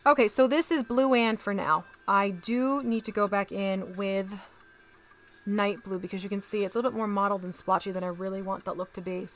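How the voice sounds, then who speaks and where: A woman's voice: medium pitch, fairly even intonation, fairly quick. A woman hosting a casual live stream, chatting to viewers as she paints miniatures and talks through each step.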